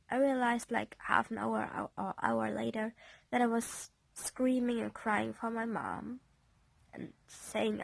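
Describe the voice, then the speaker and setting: A young woman in a confessional vlog, shaken after a panic attack, with a slightly high voice and plenty of gravelly fry. She speaks haltingly and apologetically, often sinking into a soft half-whisper. The sound is close and dry, with no room around it. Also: dry recording. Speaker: vlogger. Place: indoors, on a bed in a bedroom.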